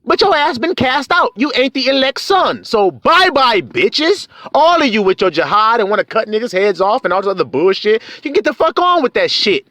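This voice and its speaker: A man's voice: extremely high pitch, very animated, normal speed, few pauses, sharp tone, dry recording. A man preaching a confrontational, profane rant, taunting his listeners and firing off rhetorical questions. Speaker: online preacher.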